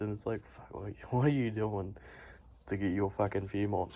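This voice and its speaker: A man's voice: lowish voice, steady tone, moderate pace, dark tone, a little hiss or hum. A young man chatting casually while filming on his phone in a garage, rambling and swearing often as he talks. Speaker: vlogger. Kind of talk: casual vlog chat. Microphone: phone held while filming.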